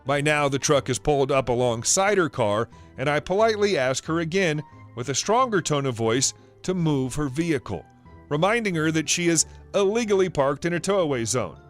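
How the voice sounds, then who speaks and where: Brief: male narrator, slightly high voice, wry and sarcastic storytelling. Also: animated, moderate pace, soft background music. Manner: wry, amused, dryly sarcastic.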